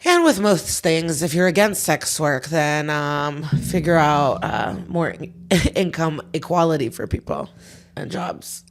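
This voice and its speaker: A woman guest on a comedy podcast, chatting casually in a relaxed, halting way with many fillers. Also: deep voice, noisy background.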